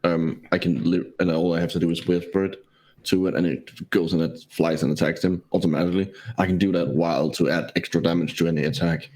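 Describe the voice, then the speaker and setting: A man rambles hesitantly through an idea during a tabletop game. His voice is very deep. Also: fairly even intonation, fairly quick, darkish tone. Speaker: player. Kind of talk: casual tabletop game chat.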